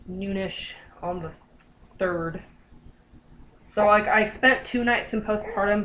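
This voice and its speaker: A woman's voice: medium pitch, a little hiss or hum, low-quality recording. A young woman casually telling a personal story to her viewers, chatty and full of fillers, acting out what people said. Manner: chatty, lots of fillers, animated quoting. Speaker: vlogger.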